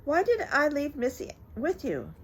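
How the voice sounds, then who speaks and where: Flustered mother, voiced by a woman, shrill and exclaiming, storybook reading. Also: huge pitch swings, moderate pace, heavily acted. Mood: upset. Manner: high, loud, exclaiming. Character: flustered, scolding young mother.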